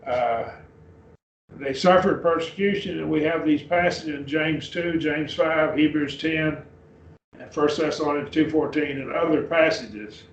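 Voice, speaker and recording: A man's voice: fairly high pitch, a little slow, a little hiss or hum. A man teaching a Bible class, explaining step by step and often checking with "okay?". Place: church classroom. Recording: echoey, distant, dull classroom recording.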